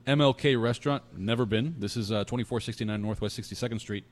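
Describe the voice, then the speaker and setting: A man hosting a casual podcast chat, relaxed and joking as he steers the conversation. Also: lowish voice, fast. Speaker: podcast host.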